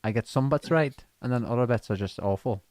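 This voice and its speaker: A man's voice: mid-range voice, fairly quick, darkish tone. An Irish man, a member of a folk band, chatting casually on a livestream in a self-deprecating, hesitant way.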